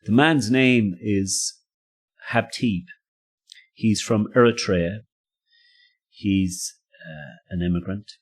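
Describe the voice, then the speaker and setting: A man's voice: fairly low pitch, slow pace, long pauses, husky. A man and podcast co-host, telling a personal story casually, rambling and self-interrupting with frequent laughs.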